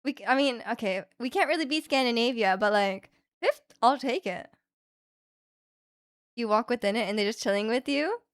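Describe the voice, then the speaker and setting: A woman's voice: a little high, fast, hardly any pauses, smooth, no room sound. A young woman livestreaming from home, chatting in a rambling way and reading out viewer comments with light laughs.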